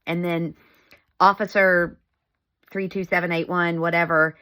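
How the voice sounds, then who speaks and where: A woman's voice: on the low side, level tone, measured pace, long pauses, pushed and bright. A middle-aged woman telling a family story in a casual vlog, chatty and laughing often.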